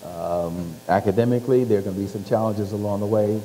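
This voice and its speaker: A man's voice: fairly low pitch, quick pace. A man interviewing a guest onstage, steering the story with questions and often murmuring agreement. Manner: frequent soft affirmations, guiding questions. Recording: reverberant hall with faint hum.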